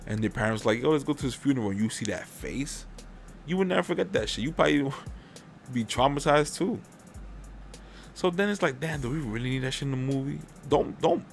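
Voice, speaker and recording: A man's voice: medium pitch, vocal fry. A man hosting a podcast in casual chat, rambling and swearing freely as he airs his opinions. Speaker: podcast host.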